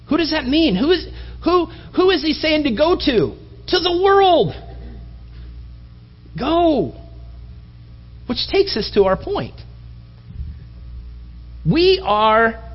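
A man preaching a sermon in an animated, mocking way, building to emphatic appeals. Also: very high-pitched, breathy edge, dull audio. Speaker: pastor.

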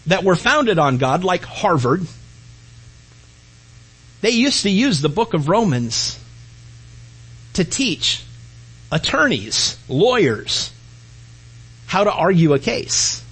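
A man preaches a sermon with a husky, breathy edge. His voice sits high for a man. He swings between raised, emphatic lines and soft, hushed ones. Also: big pitch swings, slow pace, long pauses, low-quality recording. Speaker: pastor.

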